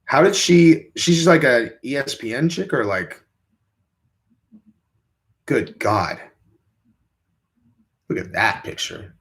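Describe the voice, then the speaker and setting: A young man on a casual livestream works through viewer questions, rambling crudely and putting on high, mocking voices for quotations. His speech is sing-song and slow, broken by frequent pauses.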